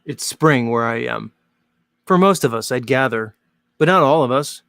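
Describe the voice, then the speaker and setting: A man hosts his show in a casual, joking monologue, wandering from thought to thought with plenty of fillers. His voice has a gravelly, fry-tinged texture. The sound is dry and close, with no room echo. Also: medium pitch, expressive, moderate pace, a bit bright. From Northern Hemisphere. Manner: chatty, rambling, jokey, many "like" fillers. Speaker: host.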